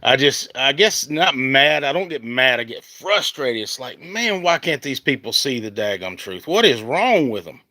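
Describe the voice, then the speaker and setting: Southern guy ranting on a phone livestream outside, sharp tense voice, keeps restarting. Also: medium pitch, sing-song, normal speed, hardly any pauses, dry recording. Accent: Southern American. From American South. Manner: rambling, heated, restarts often. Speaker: country singer on a livestream. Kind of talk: casual livestream rant. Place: outdoors in the heat. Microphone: phone at arm's length.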